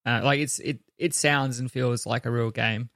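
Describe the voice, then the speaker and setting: A man co-hosting a podcast in easygoing casual chat, often halting and restarting his sentences. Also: medium pitch, steady tone, gravelly, fairly bright tone, no room sound, clean studio sound. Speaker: podcast co-host.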